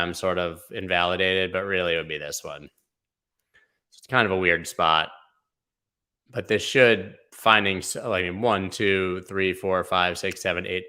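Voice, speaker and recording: A man's voice: deep voice, pushed and bright. A man hosting a casual live stream of crypto chart analysis, making joking asides to his chat. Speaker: livestream host doing crypto chart analysis.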